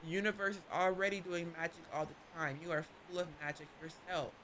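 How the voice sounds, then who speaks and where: A woman voicing strange glowing spirit beings from a game, speaking in calm, solemn, mystical pronouncements. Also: lowish voice, a little fast, a little hiss or hum, lightly acted.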